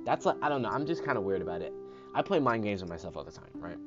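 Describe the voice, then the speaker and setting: A man's voice: on the low side, sing-song, fast talker. A man hosting a podcast in a casual motivational talk, emphatic, swearing now and then and tagging his points with "right?". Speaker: podcast host. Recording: muffled lo-fi with guitar music behind.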